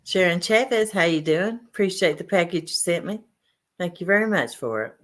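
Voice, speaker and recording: Low-voiced easygoing woman livestream host. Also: lively intonation, moderate pace. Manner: easygoing, reads out chat names and greetings. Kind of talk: casual livestream chat.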